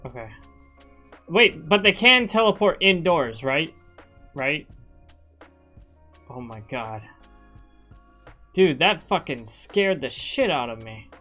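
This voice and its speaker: Low-voiced woman streamer, lively and slow. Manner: jumpy, swears often, shrieks when startled. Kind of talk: casual live-stream gameplay chat. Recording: faint music behind. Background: background music.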